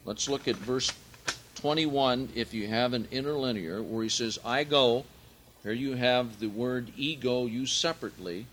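A man leading a verse-by-verse Bible study, speaking deliberately and swelling loud and emphatic when he quotes scripture. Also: medium pitch, a little hiss or hum. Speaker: Bible teacher.

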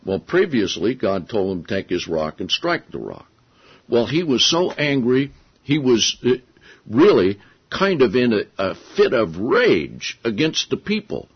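A man preaching a sermon, telling stories with animated voices for the people he quotes. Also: medium pitch, a little slow, slightly rough. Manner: animated storytelling, acting out quotes. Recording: dull lo-fi sound.

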